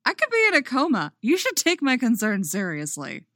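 A woman's voice: medium pitch, sing-song, normal speed, no room sound, clean studio sound, lightly acted. A woman reading the lines of a wry, teasing teenage boy in a storybook romance, in a playful voice with mock outrage.

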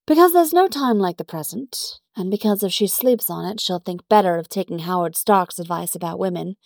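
A brisk, formal English agent with a polite, direct way of speaking, as a woman reads her. The voice sits low with a gravelly edge, in a dry, close space. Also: expressive, darkish tone, no echo. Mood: earnest.

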